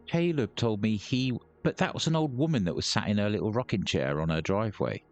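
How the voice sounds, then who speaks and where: Guy doing let's play commentary on a headset, jokey n sweary, lowish voice that jumps around a lot. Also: lively intonation, a little fast, darkish tone, dull audio, faint music behind. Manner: jokey, swears, mocks the characters. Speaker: gaming YouTuber.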